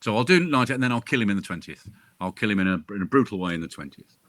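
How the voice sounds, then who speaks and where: Man, author guest, casual chatty delivery, bright forceful tone, dry close sound. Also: fairly low pitch, lively intonation, rapid-fire, no echo. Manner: chatty, self-interrupting, jokey asides. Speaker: crime author interviewed as guest. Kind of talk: casual chat.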